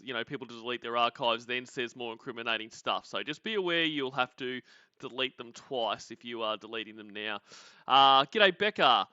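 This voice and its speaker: A man's voice: mid-range voice, sharp tone, smooth, dry recording, lo-fi sound. An Australian man hosting a casual livestream, rambling, laughing often and greeting viewers. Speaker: podcast host.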